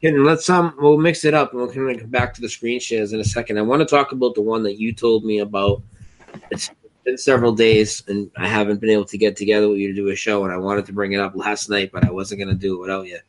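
A man's voice: lowish voice, steady tone, fast. Guy co-hosting a chatty web show, swears a lot, keeps restarting sentences, sounds baffled. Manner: swears freely, incredulous, rambling restarts. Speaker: co-host. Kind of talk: casual online show chat.

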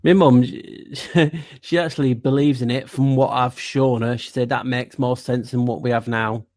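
A man with a noticeable accent talks through a casual podcast chat, circling his points with fillers and restarts. His voice sits at an ordinary middle pitch. The recording is dry, with no room sound. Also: fairly even intonation, unhurried, a little mellow, no room sound. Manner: rambling, with many fillers and restarts. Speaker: guest co-host.

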